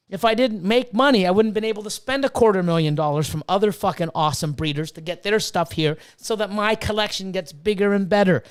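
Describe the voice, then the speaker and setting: A fifty-something man with a high-pitched, smooth voice rants profanely and casually. He swears freely and breaks off to read viewers' chat aloud. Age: 50s. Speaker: livestream host and snake breeder.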